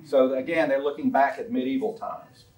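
Speaking at a moderate pace in a slightly mellow mid-range voice, a man presents an illustrated talk on a historical collection. The delivery is casual and story-filled, peppered with ums and uhs, and the sound is roomy from a distant microphone.

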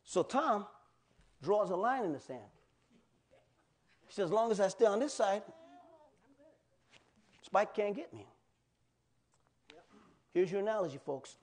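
An animated male pastor preaching in a fairly high voice. He talks in a loose, conversational way and often turns to quiz his congregation. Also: unhurried, pauses often. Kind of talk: sermon.

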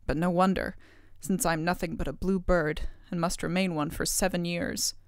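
A woman's voice: lowish voice, fairly even intonation, normal speed, no echo, studio quality, natural voice. A woman voicing a faithful king turned into a blue bird, speaking tenderly in a storybook reading. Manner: tender, devoted.

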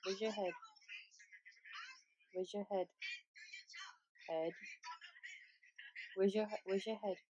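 A woman's voice: medium pitch, steady tone, takes it slowly, pauses often, background noise. A mother at home talking to her baby in coaxing, sing-song baby talk and laughing often. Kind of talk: home video chat with a baby.

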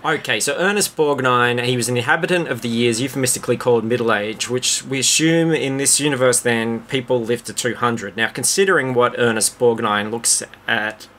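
A man's voice: medium pitch, fairly quick, few pauses, fairly bright tone, slight background noise. A man hosting a casual podcast chat, joking and rambling with crude humour. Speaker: podcast host.

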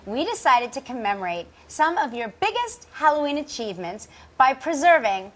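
A woman's voice: high-pitched, big pitch swings, moderate pace. A woman co-hosting a live morning talk show in a studio with an audience, bubbly and teasing, sometimes heartfelt. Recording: studio with faint audience and noise.

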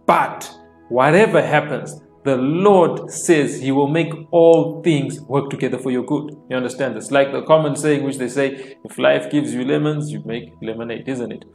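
A man preaching an informal online sermon, repeating phrases and dropping in frequent amens, slowing down to stress key lines. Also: mid-range voice. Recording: echoey room with soft worship music.

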